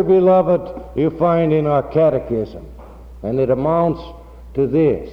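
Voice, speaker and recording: A pastor preaching a sermon slowly and emphatically, building to loud high peaks on key words. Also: male voice, echoey room, long reverb tail, highs cut off.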